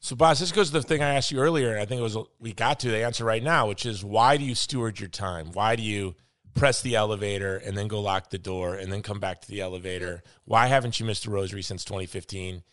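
A man's voice: lowish voice, fast talker, fairly bright tone. Earnest male podcast host. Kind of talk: casual conversation.

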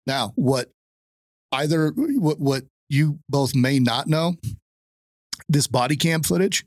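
Measured man with firm opinions. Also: mid-range voice, dry recording. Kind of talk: casual podcast chat.

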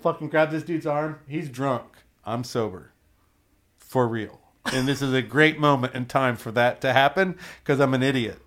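A tattoo shop owner telling a story in casual chat, swearing a lot and acting out quotes and sound effects. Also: male voice, mid-range voice, normal speed. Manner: profane, animated, acts out quotes and sound effects.

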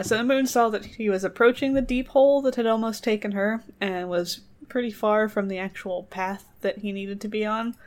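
A woman reading a folk tale aloud and breaking off into joking asides. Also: medium pitch. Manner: joking digressions, trailing off. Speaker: storyteller host. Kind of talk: casual storytelling with asides.

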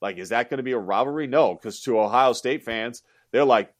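A man's voice: mid-range voice, moderate pace, dry recording, clean studio sound. A middle-aged American man, a college basketball analyst, talking animatedly in a casual podcast chat and acting out fans' voices. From United States.

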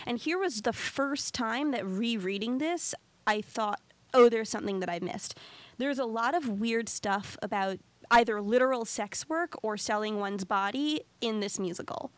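A woman co-hosting a casual podcast, chatty and animated, her voice sitting a bit high. The sound is close and very dry. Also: a little slow, no room sound. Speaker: podcast co-host.

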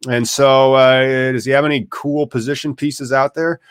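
Male live-podcast host, chatty and rambling, mid-pitched, dry close sound. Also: level tone, moderate pace, clean tone, dry recording. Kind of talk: casual live podcast chat.

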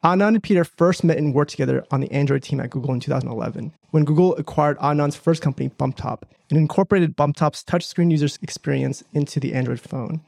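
A male podcast host reads his prepared introduction in a measured way. His voice is a bit high and has plenty of gravelly fry. The recording is close and dry. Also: darkish tone, no room sound. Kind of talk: scripted introduction and interview questions.

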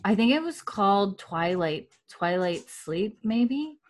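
A woman's voice: medium pitch, lively intonation, takes it slowly. A woman casually recapping a TV episode, chatty with lots of fillers. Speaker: podcast host recapping an episode. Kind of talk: casual chat.

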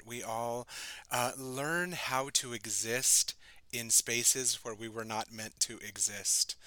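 A man hosting a podcast interview, posing questions in a measured way. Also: medium pitch, bright, forceful tone, no room sound, low-quality recording. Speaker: podcast host, social work educator. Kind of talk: interview host.

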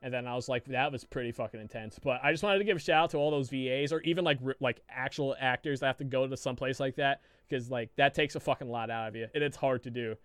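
A man co-hosting a casual podcast, his voice smooth and resonant. He rambles through a story, swearing freely and restarting his sentences, and the sound is close and dry. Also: mid-range voice, fast talker, few pauses, a bit bright, no room sound. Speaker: podcast co-host.

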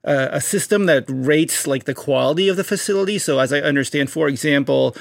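Gravelly, hyped-up man podcaster. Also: on the high side, fairly quick, dry recording, studio quality. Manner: hypes stories up, acts out bits in jumpy voices. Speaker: podcast co-host. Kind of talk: animated comic storytelling.

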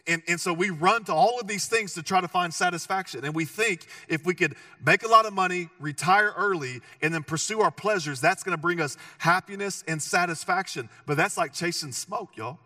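A man's voice: high-pitched, a little fast, hardly any pauses, pushed and bright, dry recording, clean studio sound, recorded from a distance. A man preaching a sermon as pastor, conversational and joking, with emphatic repeated phrases.

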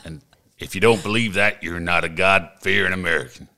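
A man putting on a boastful Texan country singer with a slow drawl. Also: deep voice, gravelly, sharp tone, full character voice.

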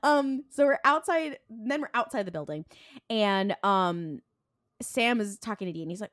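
A woman co-hosting a podcast, casually recapping an episode, retelling scenes with quick bits of quoted dialogue and frequent ums. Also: medium pitch, animated, fairly bright tone, no room sound, clean studio sound. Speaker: podcast co-host.

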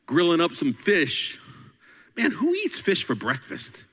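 Male preacher, bright and forceful, dramatic loud-to-whisper delivery with call-outs to the congregation, long hall reverb. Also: fairly high pitch, husky. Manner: dramatic preaching that swings between loud climaxes and hushed whispers; call-and-response exhortations. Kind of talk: sermon.

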